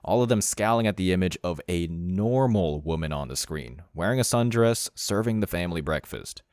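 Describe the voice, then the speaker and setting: Low-voiced man, dry blunt commentary. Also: expressive, normal speed, a little mellow, dry recording. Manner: blunt, mocking. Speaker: commentary channel host. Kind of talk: scripted commentary narration.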